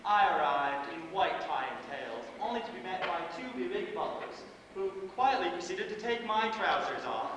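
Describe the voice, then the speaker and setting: A man's voice: sits high, lively intonation, normal speed, few pauses, muffled recording, noisy background. A teenage boy acting a flamboyant, vain celebrity playwright on a school stage, with grand, affected theatrical delivery. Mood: grandiose. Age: teen. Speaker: stage actor. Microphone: distant room mic. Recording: echoey school stage from far off.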